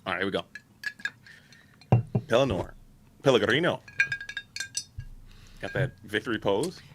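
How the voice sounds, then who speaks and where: A man's voice: on the low side, animated, a little slow, background noise. A man in a casual card-review chat, easygoing and wry, often poking fun at himself. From United States. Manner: easygoing, wry, self-deprecating.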